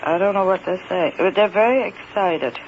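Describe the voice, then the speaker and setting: A man telling a strange encounter in the first person, in a hesitant, halting way that repeats words and grows emphatic. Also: high-pitched. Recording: dull lo-fi recording with faint hiss.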